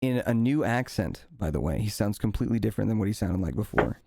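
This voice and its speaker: A man narrating a tabletop fantasy game as game master, halting with frequent fillers and restarts. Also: fairly low pitch, animated, gravelly, darkish tone.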